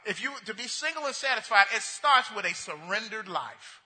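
A man preaching a sermon to a congregation, asking the crowd questions and slowing to stress key words. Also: high-pitched, lively intonation, pushed and bright. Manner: preaching with call-and-response questions. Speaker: pastor. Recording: echoey hall.

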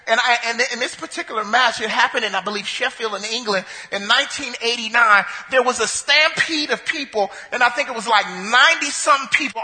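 A male pastor preaching a sermon, emphatic and repetitive, building up to shouts. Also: very high voice, big-room sound.

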